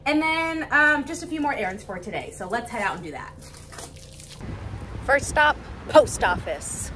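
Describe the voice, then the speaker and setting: Gushy young woman vlogger, kinda high voice, mic a bit far away, faint background hum. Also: brisk. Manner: bubbly, gushing, excitable. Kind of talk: casual vlog talk to camera.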